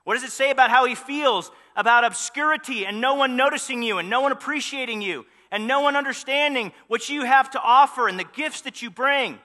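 High, bright-voiced man preaching in a hall. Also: a little fast, few pauses. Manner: animated storytelling with rhetorical questions. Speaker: pastor. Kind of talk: sermon.

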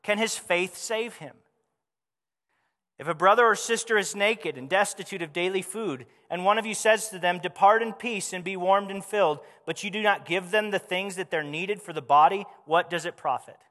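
A man preaching a sermon as a pastor, conversational and animated, asking the congregation rhetorical questions. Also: sits high, normal speed, long reverb tail.

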